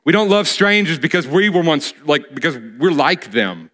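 A man's voice: a little high, sing-song, moderate pace, bright, forceful tone. A man preaching a sermon, earnestly repeating key phrases for emphasis, with some restarts as he speaks.

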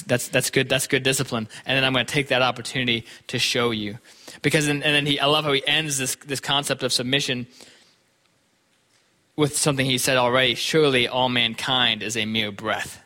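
A man's voice: medium pitch, sharp tone. A man preaching a sermon in an earnest, thinking-aloud way, often repeating words as he goes. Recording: long hall reverb.

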